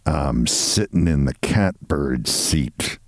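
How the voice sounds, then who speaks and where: A man voicing a meek, neat middle-aged male clerk who speaks quietly and deadpan. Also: extremely low pitch, slow, dry recording, studio quality, voice pushed down, heavily acted.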